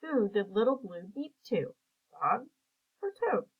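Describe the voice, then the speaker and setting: A woman teacher reading a picture book aloud and asking simple comprehension questions in a slow, clear, patient way. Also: medium pitch, very animated, phone-quality sound.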